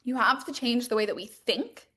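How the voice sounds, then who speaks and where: A woman's voice: on the high side, normal speed, sharp tone. A young woman hosting a podcast as a mindset coach, talking in a casual, emphatic motivational monologue full of "like" and swearing. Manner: casual, emphatic, swears freely, many fillers.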